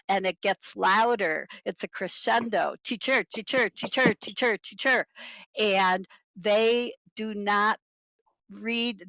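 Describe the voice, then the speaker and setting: Gravelly woman presenting on a video call. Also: mid-range voice, a bit bright, no room sound. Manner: imitates bird songs with mnemonics. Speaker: birding presenter. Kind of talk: online talk on bird identification. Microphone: headphones on a video call. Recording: dull lo-fi video call audio.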